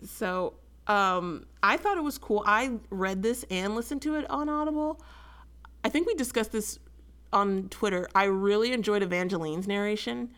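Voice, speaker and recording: A woman's voice: mid-range voice, normal speed. Chatty woman discussing a book. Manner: chatty, animated, many fillers. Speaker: book podcast co-host.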